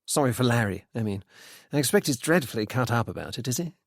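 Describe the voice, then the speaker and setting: A polite, apologetic young gentleman, as read by a male narrator, courteous and a little rushed. It sits at a middling pitch in a dry, close storybook reading. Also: lively intonation, creaky, no echo.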